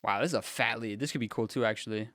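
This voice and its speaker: A young man, a music producer, casually thinking aloud in a relaxed, slangy way as he builds a track in his home studio. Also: fairly low pitch, fast. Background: faint synth music playing.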